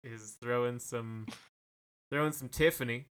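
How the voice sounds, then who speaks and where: Guy co-hosting a casual podcast, rambling with lots of fillers, bright voice. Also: medium pitch, measured pace, smooth. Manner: rambling, hesitant, many fillers and restarts. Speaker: podcast co-host. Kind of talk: casual chat.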